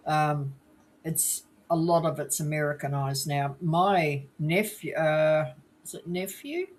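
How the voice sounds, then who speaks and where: Slow-talking New Zealand co-host. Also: medium pitch. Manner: slow, hesitant, with fillers. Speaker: podcast co-host. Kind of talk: casual chat.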